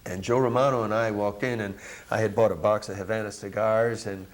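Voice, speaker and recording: A middle-aged man from Buffalo, New York, a jazz saxophonist telling lively anecdotes in a casual interview, laughing and acting out what others said. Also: lowish voice, fairly quick. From Buffalo, New York, USA. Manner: animated, laughing storyteller who acts out quotes. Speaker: guest musician, jazz saxophonist.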